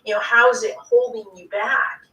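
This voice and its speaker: A woman chats casually, circling and searching for her words. Her voice is bright and fairly high. She sounds distant from the mic in a reverberant room. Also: level tone, normal speed, dull audio. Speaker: spiritual practitioner. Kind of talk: casual chat.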